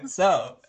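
A man casually telling a long, profane story, animated and acting out the people in it. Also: high voice, breathy edge. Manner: animated, swears a lot, acts out quoted people.

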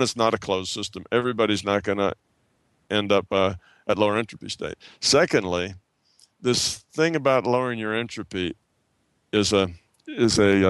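A man's voice: lowish voice, fairly bright tone, smooth, no echo. A man explaining ideas in an unscripted talk, thinking aloud, restarting phrases and asking the listener rhetorical questions.

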